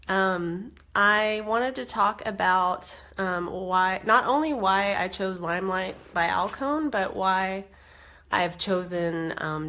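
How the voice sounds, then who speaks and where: A woman's voice: mid-range voice, a bit bright. A woman in her thirties chatting casually on a live video, a bit congested from a cold, with many ums and asides to viewers. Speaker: direct sales consultant.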